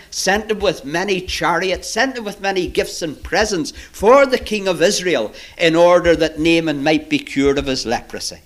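A man preaching to children, retelling a Bible story in an animated, dramatic way. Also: high voice.

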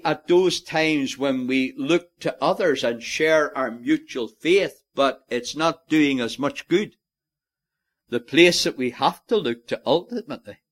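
A man preaching a sermon in a slow, earnest way, rising to emphatic, louder peaks on key phrases. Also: mid-range voice.

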